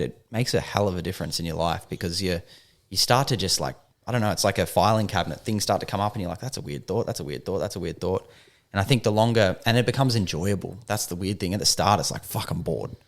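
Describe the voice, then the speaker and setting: Low-voiced laid-back man. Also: fast talker. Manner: laid-back, swears freely, many fillers. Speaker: podcast co-host. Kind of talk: casual chat.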